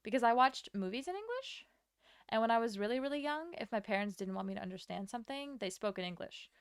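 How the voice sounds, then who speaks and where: Young woman streamer with a smooth, gravelly voice. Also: fairly high pitch, animated, dry recording, studio quality. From Latvia. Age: young adult. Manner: chatty, rambling, answers chat with quick laughs. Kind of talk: casual chat while drawing on stream.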